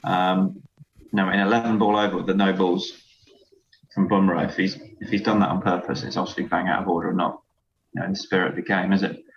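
A man's voice: low-pitched, level tone, creaky, lo-fi sound, a little hiss or hum. A man in his thirties with a Yorkshire accent, a professional cricketer talking casually and matter-of-factly. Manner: quick, matter-of-fact. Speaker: county cricketer guest. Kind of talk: casual podcast chat.

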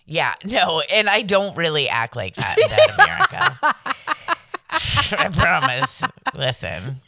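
A woman's voice: lowish voice, wildly swooping pitch, takes it slowly, creaky, noisy background. A woman co-hosting a casual podcast chat, brash and profane, laughing often. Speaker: podcast co-host.

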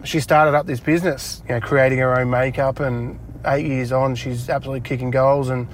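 A man's voice: medium pitch, flat delivery, brisk, a little hiss or hum. A man in his forties with an Australian accent, talking casually and self-deprecatingly as an interview guest, with lots of fillers. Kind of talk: casual chat. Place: inside a parked car.

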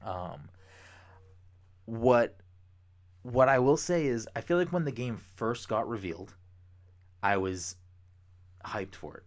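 A young man co-hosting a podcast, chatting casually, rambling with excitement and swearing freely. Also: medium pitch, slow pace, pauses often. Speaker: podcast co-host. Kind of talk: casual chat.

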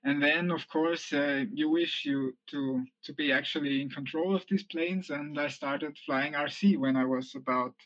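Austrian man, slightly high, dry lo-fi sound. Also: lively intonation, fairly bright tone, dry recording. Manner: measured, hesitant with many ums. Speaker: guest, aerobatics model pilot. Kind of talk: casual podcast interview.

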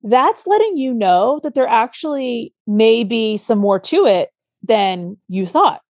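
In a dry recording, a woman with a highish, darkish, very animated voice speaks a little slowly. She's a podcast co-host giving casual, earnest parenting advice, illustrating her points with step-by-step examples and acting out a child's outburst.

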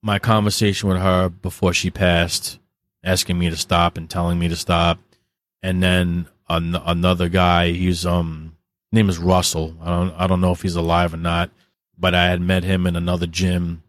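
A man's voice: low voice, monotone, moderate pace, dry recording, studio quality. A man as a podcast guest, telling candid stories in a blunt, heavily profane, vivid way. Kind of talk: candid interview storytelling.

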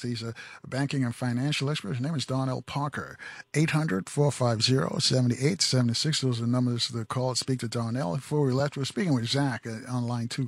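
A man hosting a radio call-in show, brisk and interjecting, reading out the call-in number. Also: mid-range voice, no echo. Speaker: radio host.

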